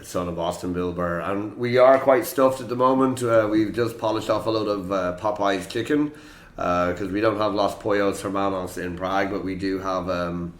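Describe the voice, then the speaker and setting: Low-voiced Irish quiz host, echoey room. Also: male voice, fairly even intonation, moderate pace. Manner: chatty, joking, self-deprecating. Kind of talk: hosting a quiz podcast. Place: room in Prague.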